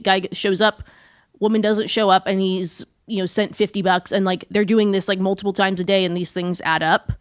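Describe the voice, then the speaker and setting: A woman's voice: medium pitch, brisk, smooth, no echo, clean studio sound. A young woman co-hosting a podcast, chatting casually with lots of "like" and some swearing. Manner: chatty, swearing, animated storytelling. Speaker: podcast co-host. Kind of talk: casual chat.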